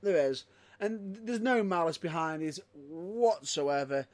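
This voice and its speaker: Excitable man, dry and close. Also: a little high, no room sound. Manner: excitable, loud outbursts, rapid rambling asides. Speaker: podcast co-host. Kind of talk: casual chat.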